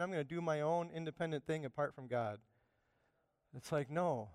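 A man preaching a sermon, animated, swinging from loud emphatic bursts down to quiet asides. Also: fairly high pitch, normal speed, clean tone, no echo, studio quality. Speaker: pastor.

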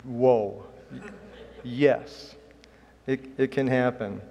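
A man's voice: medium pitch, fairly even intonation, drawn-out words, mellow, slight background noise. Earnest preacher man in a reverberant hall. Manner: earnest, emphatic preaching with rising bursts. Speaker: pastor. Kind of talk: sermon.

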